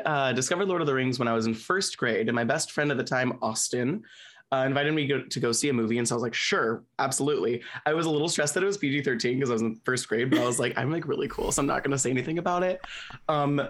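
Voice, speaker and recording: A man's voice: medium pitch, fast talker, a bit bright. A young man as a podcast guest, rambling casually with lots of fillers and self-deprecating jokes. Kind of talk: casual chat.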